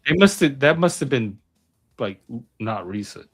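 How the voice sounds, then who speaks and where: Man, host, teasing, wisecracking, casual panel talk, mid pitch, faint music behind. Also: very animated, a bit bright, breathy edge. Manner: teasing, wisecracking, quick asides.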